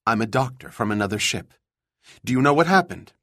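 A man voicing a woman doctor in a hazmat suit who stays calm and reassuring while giving brisk orders. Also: medium pitch, no echo, clean studio sound.

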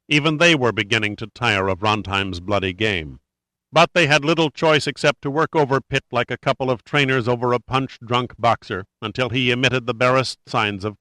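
A man narrating a dramatic audiobook in a measured, steady storytelling manner. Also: mid-range voice, no room sound.

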